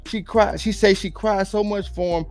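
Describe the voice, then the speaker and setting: A man's voice: high voice, steady tone, moderate pace, soft background music. A man giving casual reaction commentary on dating, blunt and preachy, full of slang.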